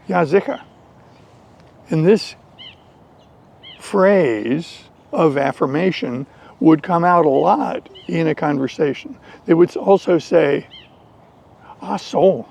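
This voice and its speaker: An American man telling a story slowly and deliberately in an English lesson for learners. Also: fairly high pitch. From United States. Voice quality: gravelly. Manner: slow, deliberate, animated storytelling. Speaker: English teacher.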